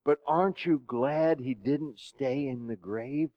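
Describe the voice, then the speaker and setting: A man preaching a sermon who keeps asking the congregation questions and swings between soft and loud. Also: medium pitch, slow, dry recording, dull audio. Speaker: pastor.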